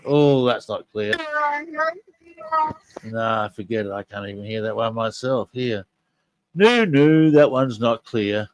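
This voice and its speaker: Taking it slowly with long pauses, this older podcast host has a low-side, darkish voice with lively intonation, and the audio sounds dull. He remains chatty and enthusiastic, talking straight to listeners as he presents audio clips.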